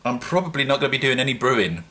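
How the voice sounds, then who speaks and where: A man's voice: medium pitch, expressive, very fast, bright, forceful tone. A man with a British accent, chatting casually and rambling a little in a self-mocking home-brewing vlog. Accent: British English.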